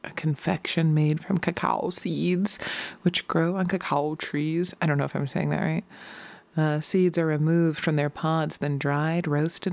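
A woman in casual morning chat, tired and still in her morning voice, chatty and quick to laugh. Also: low-pitched, gravelly, a little mellow, dry recording. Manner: chatty, laughs often, drifts into whispers. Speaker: vlogger.

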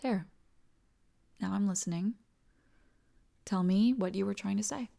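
A woman in a whispered role-play as a doting partner, talking softly and tenderly and often dropping into whispers. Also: medium pitch, unhurried, creaky. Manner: soft, tender, soothing, slips into whispers. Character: doting, reassuring partner comforting the listener.

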